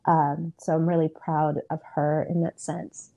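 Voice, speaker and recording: A middle-aged woman with a low, mellow voice shares a story as a podcast guest. She talks in an earnest, easygoing way and uses plenty of fillers. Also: level tone, a little slow, vocal fry. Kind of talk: casual storytelling in an interview.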